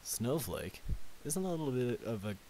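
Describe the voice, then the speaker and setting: Dude voicing cheeky sleepy baby dragon, kinda whiny, hiss on the tape. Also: male voice, mid-range voice, sing-song, moderate pace, mellow. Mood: curious.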